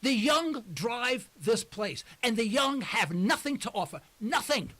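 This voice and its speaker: A man's voice: very high-pitched, very animated, unhurried, bright, forceful tone. A man in his sixties hosting a talk radio show from the studio, speaking in a rambling, emphatic monologue. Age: 60s.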